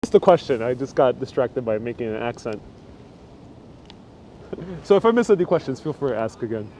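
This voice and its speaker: A man's voice: mid-range voice, lively intonation, a little fast, dark tone. Walking-tour host, man, casual rambling chatter to live viewers, lapel mic outdoors with light street noise. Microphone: wireless lapel mic.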